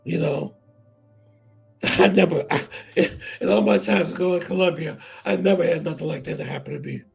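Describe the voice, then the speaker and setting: Gravelly, husky man chatting on a stream. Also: on the high side, moderate pace, faint music behind, poor audio. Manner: repetitive, emphatic, talks to viewers and chat. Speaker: vlog host. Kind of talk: casual livestream chat.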